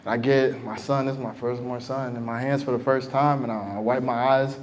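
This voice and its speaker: A man's voice: mid-range voice, steady tone, brisk, in a large hall. A young adult man doing a stand-up comedy set, chatting and teasing the crowd from a club stage. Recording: live club recording with audible crowd noise.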